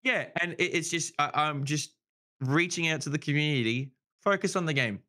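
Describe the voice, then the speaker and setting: A man's voice: a little high, normal speed, bright, forceful tone. A man rambling in casual podcast chat, swearing freely and saying "you know" a lot. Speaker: podcast guest.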